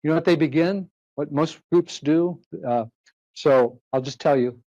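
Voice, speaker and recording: A man giving a persuasive live sales pitch to an audience in a presentation room, firing rhetorical questions at the crowd. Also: measured pace, lo-fi sound, background noise.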